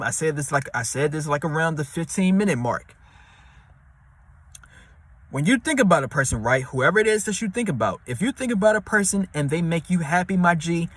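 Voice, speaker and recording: Bright-voiced man giving slangy relationship advice. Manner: slangy, repetitive, street-talk delivery; acts out quoted voices in a high pitch. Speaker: advice vlogger. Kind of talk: casual advice monologue.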